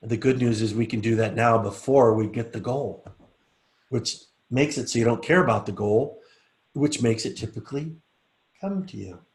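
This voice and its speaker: A middle-aged man leads a live class. His voice sits at an ordinary pitch. He shifts from easy chat into a slow, soft, coaxing guided relaxation. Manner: relaxed, coaxing, speaks slowly and softly when guiding. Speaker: teacher leading a group session.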